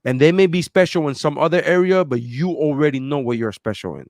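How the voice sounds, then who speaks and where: Animated man telling a story, dry sound. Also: fairly high pitch, fairly quick, dry recording. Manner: animated storyteller, acts out voices of others. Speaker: podcast co-host. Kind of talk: casual chat.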